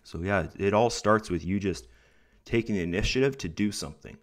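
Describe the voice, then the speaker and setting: A young man with a somewhat low voice, under the weather and a bit rough in the throat. He talks in a loose, chatty vlog style and slips into pep-talk encouragement, nudging his viewers with "guys" and "right?". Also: fairly quick. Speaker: online income vlogger. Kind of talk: casual talk to camera over screen recording.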